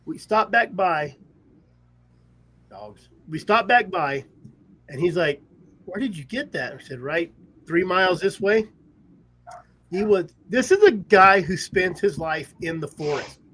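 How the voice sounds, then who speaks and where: A man's voice: high voice, animated, slow, long pauses, sharp tone, husky. A man hosting a podcast, telling rambling stories in casual chat and laughing often. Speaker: podcast host. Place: at home in a trailer.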